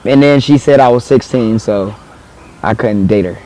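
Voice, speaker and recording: A teenage American man, a guest artist, tells stories in casual chat in a fairly low voice at a moderate pace. He's animated, acting out quotes with laughs, and the recording is rough.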